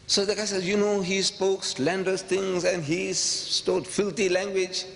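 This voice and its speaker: A man giving a public lecture to an audience, emphatic and rhetorical, repeating phrases and swinging from quiet asides to sudden high outbursts. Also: level tone, unhurried, vocal fry. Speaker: public speaker. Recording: long hall reverb, faint background noise.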